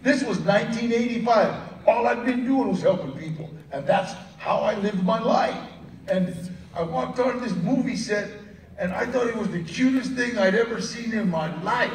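A man's voice: high-pitched, moderate pace. A man interviewed at a movie premiere, telling stories casually, often laughing and acting out the voices of people he quotes. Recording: roomy, distant mic with crowd noise.

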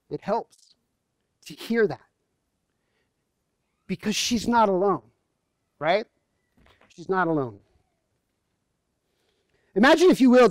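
A man's voice: high voice, no echo. A man preaching as a pastor in a church, telling stories in a conversational, humorous way. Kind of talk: sermon.

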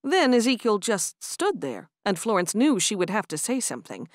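A woman narrating a romance audiobook in an expressive storytelling manner. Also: mid-range voice, normal speed, no echo, studio quality. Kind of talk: scripted narration.

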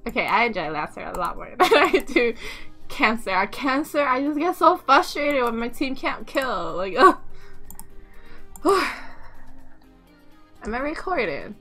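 An excitable woman commentates her own gameplay, swearing and laughing as she goes. Her voice sits a little high and sounds bright, leaping around wildly when she gets worked up. Faint music plays underneath. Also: slow pace, long pauses. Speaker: game streamer.

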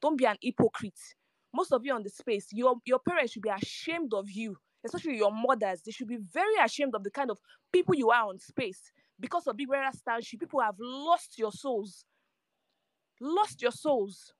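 A woman's voice: on the high side, animated, brisk, no room sound. A woman lecturing listeners in a preachy, scolding tone. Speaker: speaker in an online audio room.

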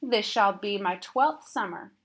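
A humble twelve-year-old peasant boy speaks politely and eagerly in a storybook, with a woman putting on his voice. He pleads earnestly with old-fashioned courtesy. The voice stays in a middle pitch. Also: lively intonation, a little slow, close to an everyday voice. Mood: pleading. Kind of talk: reading a storybook aloud.

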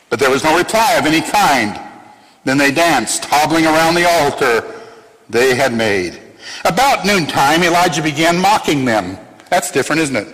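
A man preaching a sermon and reading scripture aloud, emphatic and animated, dropping to a hush for stress. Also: on the high side, moderate pace, long reverb tail, poor audio. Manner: animated, emphatic, swings from loud to hushed. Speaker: pastor.

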